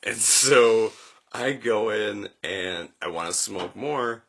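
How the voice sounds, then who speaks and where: A young man hosting a podcast, telling a story in a casual, animated way, acting out quotes with jumps in his voice and laughing often. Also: on the low side, takes it slowly. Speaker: podcast host.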